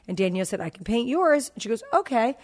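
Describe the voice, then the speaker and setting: A woman's voice: a little high, sing-song, fast talker. A woman in her forties hosting a podcast, telling a story about her kids in a casual chat and acting out their dialogue. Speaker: podcast host.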